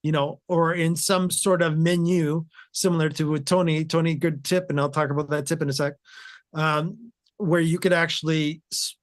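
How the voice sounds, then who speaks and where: A man's voice: on the high side, fairly even intonation, moderate pace. A man hosting a video tech show, rambling and circling before he makes his point. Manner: rambling, many fillers and restarts. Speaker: host. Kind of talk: casual tech talk.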